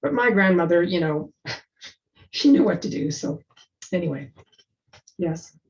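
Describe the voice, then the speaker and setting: A woman's voice: on the low side, lively intonation. Chatty woman on dull lo-fi audio. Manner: chatty, halting with restarts. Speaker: presenter. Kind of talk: casual storytelling in discussion. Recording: dull lo-fi sound.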